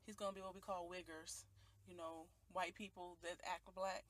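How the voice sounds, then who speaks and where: A woman's voice: on the low side, little pitch movement, moderate pace. A woman, talking earnestly and from the heart in a personal video monologue recorded on a phone. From Detroit, USA. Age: 20s. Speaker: vlogger.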